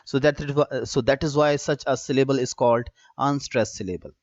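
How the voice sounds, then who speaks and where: Male teacher, mid-pitched, patient lecture delivery full of fillers, dull and dry sound. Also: fairly even intonation, a little mellow, no echo. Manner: measured, explanatory, many "uh" fillers. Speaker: English literature teacher. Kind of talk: recorded lecture.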